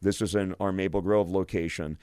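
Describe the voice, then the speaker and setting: A man's voice: low-pitched, steady tone, brisk, a little mellow, smooth, dry recording, studio quality. A male physician hosting a radio show, talking enthusiastically on his own, often restarting and repeating words. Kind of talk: solo radio talk.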